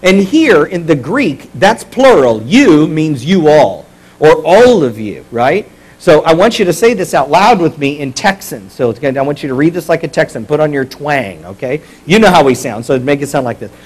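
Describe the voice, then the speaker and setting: A man's voice: on the high side, very animated, moderate pace, slightly rough, poor audio. A middle-aged man preaching a sermon as pastor, in a conversational, jokey way.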